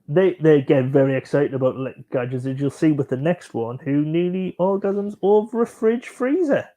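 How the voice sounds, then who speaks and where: A man's voice: on the high side, moderate pace, dark tone. A man hosting a casual live stream, joking and chatting as he reacts to music videos and reads out viewer comments.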